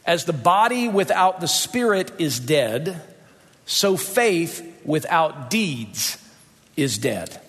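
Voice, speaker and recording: A man's voice: on the high side, fairly bright tone. A man preaching a sermon, emphatic and repeating rhetorical questions. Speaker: pastor. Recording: long reverb of a large hall.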